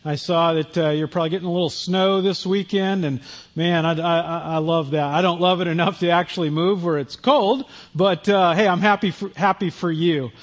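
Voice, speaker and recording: High-voiced preacher telling a funny story. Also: male voice, steady tone, moderate pace. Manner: self-deprecating storyteller, conversational with repeated restarts. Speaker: pastor. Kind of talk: sermon with a humorous personal story.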